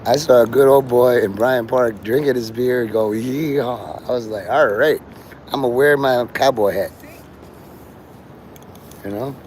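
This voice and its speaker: A man's voice: medium pitch, measured pace, pauses often, darkish tone, a little hiss or hum. A man livestreaming outdoors on his phone, rambling to his chat and acting out the voices of people he quotes.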